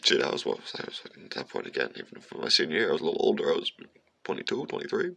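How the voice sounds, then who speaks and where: Extremely low and gravelly, this man's voice races along very fast. His personal story meanders with profanity and animation, and he sometimes turns aside to speak to his cat.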